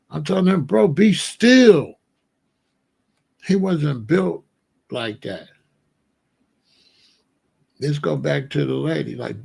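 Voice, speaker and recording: Gravelly husky-voiced man telling a story. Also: on the high side. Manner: animated storyteller, breaks into quoted dialogue. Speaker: commentary show host. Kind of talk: casual storytelling commentary.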